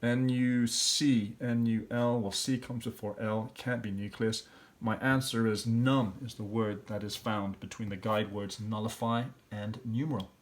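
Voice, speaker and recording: In a classroom lesson walkthrough, a male teacher works through practice questions, reasoning aloud step by step and sounding out letters and syllables. His voice is lowish and steady, and he speaks a little slowly.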